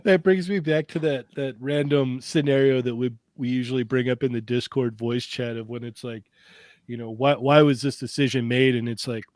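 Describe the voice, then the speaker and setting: Male podcast co-host, relaxed rambling delivery, mid-pitched, dry close mic. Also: normal speed, dry recording. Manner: relaxed, rambling, acts out imagined dialogue. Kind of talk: casual chat.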